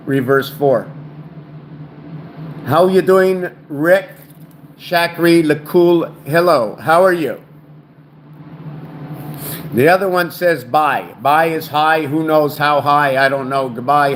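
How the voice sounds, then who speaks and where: A man's voice: a little high, takes it slowly, a bit bright, slight background noise. A man hosting his own video channel, talking in a rambling, stumbling way, often restarting words and thinking aloud. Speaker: channel host explaining word and number theories. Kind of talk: rambling solo video talk. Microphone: home camera setup.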